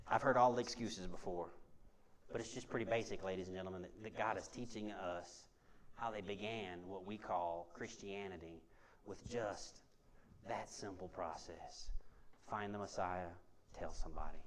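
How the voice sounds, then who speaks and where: A pastor with a low voice preaches to his congregation in a church sanctuary, speaking at a moderate pace and pausing often. His style is conversational and repetitive, echoing key phrases and asking the room questions in call-and-response fashion. Slight background noise is audible.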